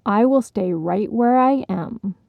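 A woman voicing a patient, gentle male crane in a storybook, persuasive in manner. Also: mid-range voice, slow pace, vocal fry, dry recording, dull audio. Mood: reassuring.

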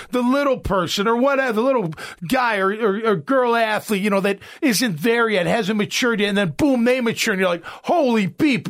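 A middle-aged man hosting a sports talk show, ranting in an animated, exasperated way. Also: extremely high pitch. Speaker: sports radio host.

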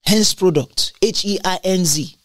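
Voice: measured pace, fairly bright tone, no room sound. Emphatic preacher, dry close sound. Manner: emphatic and repetitive, with large swings in pitch. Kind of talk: sermon.

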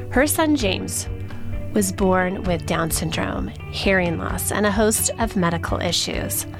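Woman, podcast host, earnest, rhetorical questions, middle pitch, music clearly behind her. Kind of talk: podcast interview, scripted intro.

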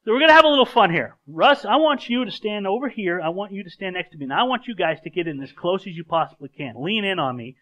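A pastor with a high-pitched, expressive voice preaches quickly with hardly any pauses, the highs sounding cut off. His sermon is earnest and conversational, built around a live stage illustration, and he often repeats words as he restarts sentences.

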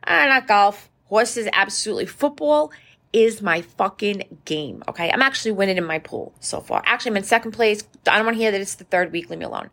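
A woman's voice: mid-range voice, expressive, brisk, creaky, a bit bright. A middle-aged woman hosting her podcast, ranting casually with profanity and sarcasm. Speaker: podcast host.

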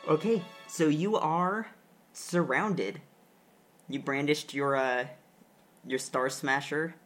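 Man, game master, relaxed narration, halting fillers. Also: fairly high pitch, soft background music.

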